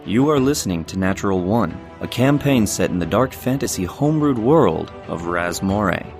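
A man's voice: low-pitched, normal speed, soft background music. A man hosting a tabletop game podcast as dungeon master, chatting loosely and laughing with his players. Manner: lively, laughing, loose banter. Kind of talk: casual tabletop game chat.

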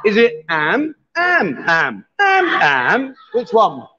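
A man's voice: high voice, wildly swooping pitch, takes it slowly, lo-fi sound, noisy background. A man hosting a live stream, chatting casually and teasing his guests. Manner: joking, teasing.

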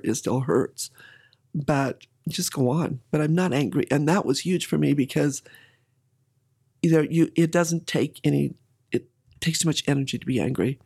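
A woman's voice: sits low, gravelly, darkish tone, breathy edge. A middle-aged woman candidly telling a personal story in an interview, with emotion and occasional laughter.

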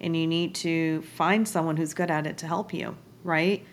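A woman's voice: deep voice, fairly even intonation, normal speed, slight background noise. A woman hosting a podcast, chatting and asking her guest questions in a friendly, conversational way. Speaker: podcast host. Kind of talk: casual interview chat.

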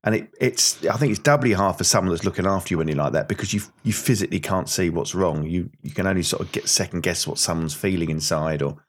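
A man's voice: low-pitched, fast talker, few pauses. A man talking openly and earnestly in casual podcast chat, with a teasing side. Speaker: podcast host.

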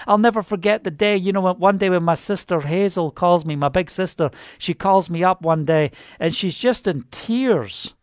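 A fervent man preaching with a high, light voice, telling his testimony in a loose, rambling way. Fillers keep spilling in between his bursts of zeal. The sound is close and dry, with no room around it. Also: moderate pace, hardly any pauses, dry recording. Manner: fervent, rambling, with many "you know" fillers. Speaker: minister. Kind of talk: personal testimony sermon.

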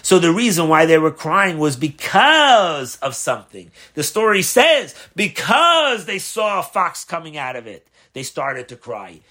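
A rabbi teaching a class on a religious text, posing questions and answering them in a conversational, animated way. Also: male voice, on the high side, measured pace, few pauses. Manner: asks rhetorical questions, animated emphasis. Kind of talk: Torah class explaining a text.

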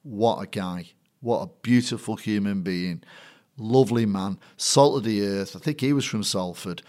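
Middle-aged Mancunian man, lowish voice, lively raconteur who slips into other people's voices as he tells a story. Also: moderate pace. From Manchester, England. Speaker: guest, matchday compere. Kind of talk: anecdotal storytelling in a conversation.

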